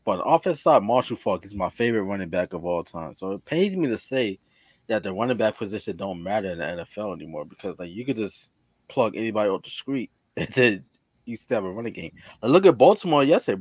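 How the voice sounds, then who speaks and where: A man's voice: on the low side, expressive, fast, darkish tone, breathy edge, no room sound. A man co-hosting a casual sports podcast, loose and teasing, throwing in some swearing. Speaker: podcast co-host.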